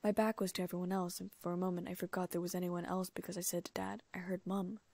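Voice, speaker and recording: A woman narrating a first-person story as an audiobook reader, in an even storytelling manner with hushed asides. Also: on the low side, fast talker, vocal fry, dry recording. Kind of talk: first-person fan fiction reading.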